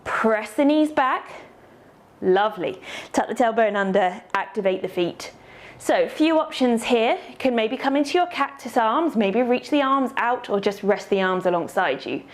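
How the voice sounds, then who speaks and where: Woman, yoga teacher, high voice, encouraging cues, a little breathless. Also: animated, normal speed. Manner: encouraging, cueing poses step by step. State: slightly out of breath. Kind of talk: instructional yoga class.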